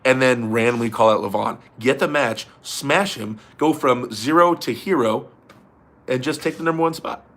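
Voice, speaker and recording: A man's voice: mid-range voice, normal speed, a bit bright. A young man hosting a casual livestream, reading viewer comments in a laid-back way, laughing often and swearing casually. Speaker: livestream host.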